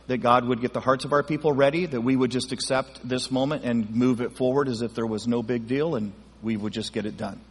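A man's voice: mid-range voice, fairly even intonation, a little fast, few pauses, breathy edge. A man, a pastor, teaching a midweek Bible study in a folksy, conversational way, often checking in with his congregation. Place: church auditorium. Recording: reverberant church hall.

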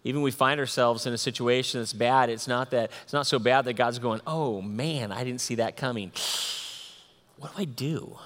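A man preaching a sermon, reading scripture aloud and swinging between excited outbursts and soft, hushed asides. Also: high voice. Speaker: pastor. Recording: long hall reverb.

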